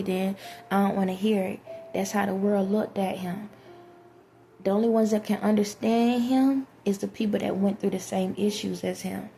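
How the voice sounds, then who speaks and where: Woman, flat delivery, rambling earnest vlog monologue, faint background noise. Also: mid-range voice, vocal fry. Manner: earnest, rambling, addresses viewers directly. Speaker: vlogger. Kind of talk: spiritual monologue to viewers.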